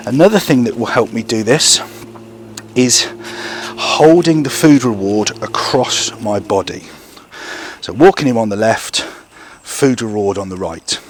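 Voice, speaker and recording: A man's voice: fairly low pitch, lively intonation, measured pace. A man training a young gundog outdoors, explaining to camera between short bursts of praise and commands to the dog.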